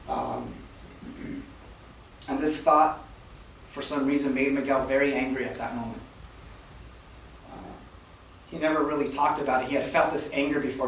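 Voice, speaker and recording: A man preaching a sermon as a story, soft-spoken and halting, with many fillers and repeated words. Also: fairly high pitch. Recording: very echoey hall, mic far off, faint noise.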